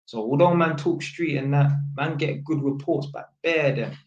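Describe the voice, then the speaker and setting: A man's voice: a little high, moderate pace, roomy sound, lo-fi sound. A young man with a London accent, telling a story to camera in casual street slang, with "innit" on almost every line, and acting out the voices of people he quotes. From England. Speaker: vlogger.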